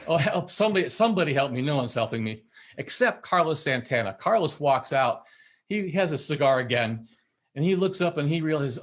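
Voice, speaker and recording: A middle-aged man, a musician and podcast guest, telling a story in a lively way and acting out the voices he quotes. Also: fairly high pitch, brisk. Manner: acts out quoted voices, laughs while telling. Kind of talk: animated storytelling in conversation.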